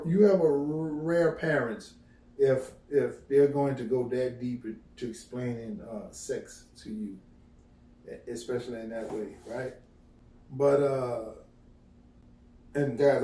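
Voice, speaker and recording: Speaking at a measured pace in a medium-pitched voice, a middle-aged vlogger tells his viewers profane stories with animated delivery, acting out the quotes. He sits far from the mic, off-mic in an echoey room.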